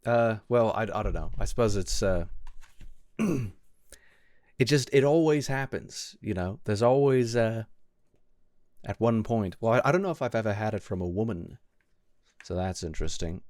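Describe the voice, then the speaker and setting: A man with a British accent chatting casually with his live-stream viewers, wry and teasing, with frequent throat-clearing. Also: on the low side, lively intonation, measured pace, pauses often, darkish tone, no room sound. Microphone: close desk mic.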